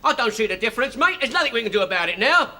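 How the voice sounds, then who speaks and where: A man's voice: very high-pitched, big pitch swings, racing, sharp tone. A man in a 1970s sitcom, trading cheeky jokes about paint. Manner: cheeky, jokey banter. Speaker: sitcom character, bus driver son.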